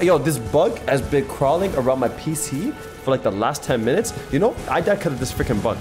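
A male streamer giving excitable live gameplay commentary, swearing and talking to his chat from his PC. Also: medium pitch, fairly quick, hardly any pauses. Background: game music.

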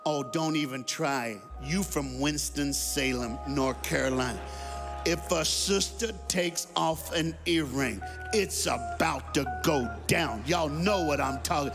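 A man guest-preaching at a church service, telling stories and calling on the congregation to respond, swinging from shouts to hushed tones. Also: on the high side, slow, music in the background. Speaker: guest speaker. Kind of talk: sermon.

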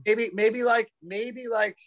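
A man's voice: sits high, steady tone, slow pace, a bit bright. A man as a podcast guest, telling stories in a rambling, profane way, full of "bro" and "dude". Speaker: guest, retired fighter. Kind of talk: casual storytelling. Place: podcast conversation.

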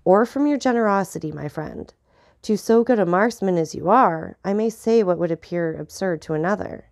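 Earnest anxious young soldier as a woman reads him, low voice, pleading tone, dry sound. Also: lively intonation, normal speed, creaky, darkish tone, no room sound.

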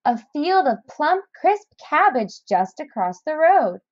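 A woman reads a children's picture book aloud, gentle and expressive, her pitch moving a lot. She speaks slowly and clearly, in a dry, slightly lo-fi recording. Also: no echo. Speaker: narrator. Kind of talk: storybook read-aloud.

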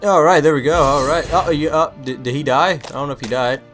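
Speaking a little fast over loud music, a gameplay channel host with a voice on the high side delivers casual let's-play commentary. He rambles, says things more than once and lets out yelps when startled.

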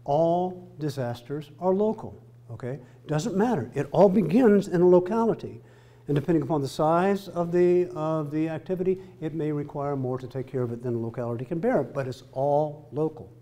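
A man's voice: on the high side, moderate pace, mellow. A middle-aged man giving a joking, emphatic lecture to military students, often asking his listeners rhetorical questions.

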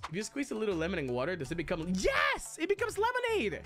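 A woman streamer in a casual livestream rant, heated and profane, swinging between mock outrage, shouting and laughter. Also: medium pitch, wildly swooping pitch, fast talker, soft background music.

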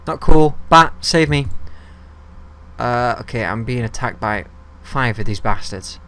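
Unhurried and mid-range, a young man's voice carries a little hiss or hum as he does let's-play commentary for his gaming videos. Chatting freely with viewers and creatures and swearing as he goes, he gets loud and excited once he's ambushed.

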